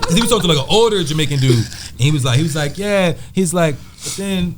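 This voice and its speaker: Animated man telling a story. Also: on the high side, racing, very noisy. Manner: animated storyteller, quotes others in voices. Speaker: podcast co-host. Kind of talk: casual chat.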